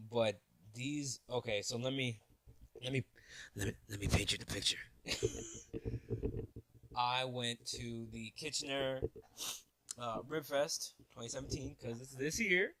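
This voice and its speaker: A man's voice: medium pitch, vocal fry, no room sound. Joking young man, dry close sound. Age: 20s. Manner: animated, joking, laughing at his own asides. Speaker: vlogger. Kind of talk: casual storytelling vlog.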